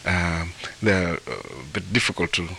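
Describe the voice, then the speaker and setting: A man from Africa, an author and translator of folktales, telling a story in an interview in an animated way, chuckling and repeating words. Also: deep voice, unhurried, creaky, slight background noise.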